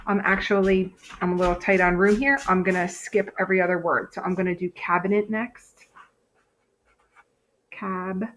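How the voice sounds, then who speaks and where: A woman's voice: on the low side, fairly even intonation, fairly quick, few pauses, a bit bright, a little hiss or hum. A woman teacher giving a recorded phonics lesson, explaining step by step with frequent "okay" and "um". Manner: patient, explains step by step, frequent okays and ums.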